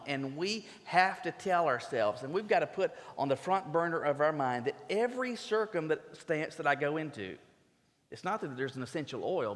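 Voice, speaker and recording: A fairly high-voiced man preaches a sermon with emphatic, earnest delivery, doubling back on words in quick restarts. His voice rings out into a church sanctuary with a long, trailing reverb. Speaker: pastor.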